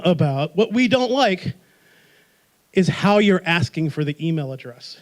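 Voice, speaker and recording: Speaking a little slowly, a man with a notably high voice leads a workshop for a live audience. He keeps the room engaged with energy, playfulness, and a steady stream of rhetorical questions.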